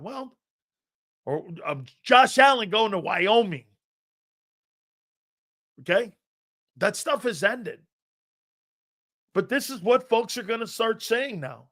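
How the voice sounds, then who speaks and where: A man hosting a live sports talk stream, pressing his opinions hard and circling back on his own phrases. His voice sits a bit high and sounds bright and forceful. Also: expressive, slow, pauses often. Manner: emphatic, argumentative, repeats himself while building a point. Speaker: sports talk show host.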